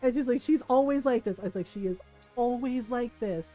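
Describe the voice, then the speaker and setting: High-pitched woman streaming a game, chatty and giggly, faint music under her. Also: fairly quick, warm tone. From Filipino family. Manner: chatty, laughs often, quotes family in voices. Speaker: gaming streamer. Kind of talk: casual storytelling while gaming.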